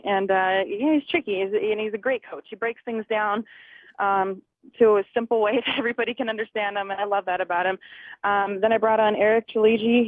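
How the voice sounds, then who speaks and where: In a mid-range voice, a young woman in her twenties who fights chats as a guest on a phone interview, laughing often and acting out conversations. The sound comes through a dry, tinny phone line.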